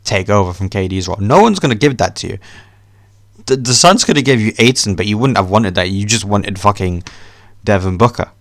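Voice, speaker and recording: Deep-voiced man ranting casually. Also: no room sound. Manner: animated, swearing, ranting with laughs. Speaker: podcast host. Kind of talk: casual sports rant.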